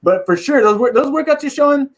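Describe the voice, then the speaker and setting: A man hosting a fight-sports video, chatting casually in a rambling way, laughing often and dropping into quick impressions. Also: extremely high pitch, expressive. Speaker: MMA video host.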